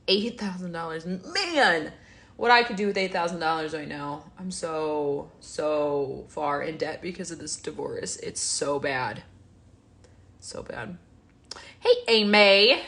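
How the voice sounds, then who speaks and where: A woman's voice: deep voice, animated, unhurried, a bit bright. A woman, sounding a little stuffy, chatting casually on a livestream and answering viewers as she goes. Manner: chatty, rambling, reads viewer comments aloud. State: stuffy-nosed, yawning. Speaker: livestream host.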